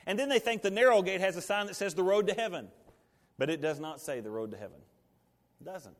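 Preacher in a reverberant hall. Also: male voice, high voice, lively intonation, fast talker. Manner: rising to emphatic peaks, then dropping to quiet asides. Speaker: pastor. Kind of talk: sermon.

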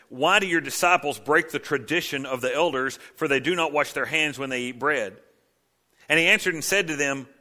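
A male pastor preaching with a bright, forceful voice pitched a little high. He swings between hushed, intimate lines and loud, dramatic outbursts as he acts out the scripture. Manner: dramatic preaching, acting out cries and quotes with big swings of loudness. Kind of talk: sermon.

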